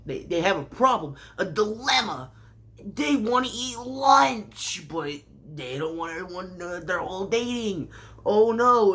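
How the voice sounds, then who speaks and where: A man recapping an anime season in a sarcastic, rambling way, with sudden jumps in pitch. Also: fairly bright tone. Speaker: anime reviewer.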